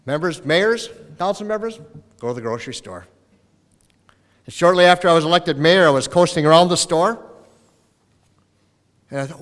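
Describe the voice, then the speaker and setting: Middle-aged mayor from minnesota, folksy farewell speech, chamber echo trailing off. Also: male voice, a little high, animated, normal speed, long pauses, fairly bright tone. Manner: folksy storytelling, acts out voices in anecdotes. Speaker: retiring mayor. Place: council chamber in city hall. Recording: long reverb of a council chamber.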